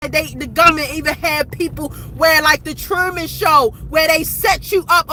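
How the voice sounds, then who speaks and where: A woman's voice: sits high, steady tone, moderate pace, hardly any pauses, bright, forceful tone, slight background noise, low-quality recording. A woman in her forties recording an impassioned, rambling vlog rant outdoors at night, repeating herself as she talks. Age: 40s. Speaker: vlogger.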